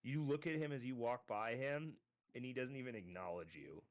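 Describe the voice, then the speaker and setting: A man narrating a tabletop game as game master, calm and descriptive. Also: medium pitch, normal speed, no echo.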